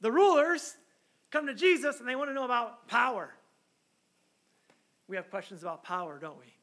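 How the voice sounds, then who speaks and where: Bright-voiced man preaching a sermon. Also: very high voice, lively intonation, normal speed. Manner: earnest, conversational preaching with rhetorical questions. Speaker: pastor. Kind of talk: sermon with scripture reading and prayer.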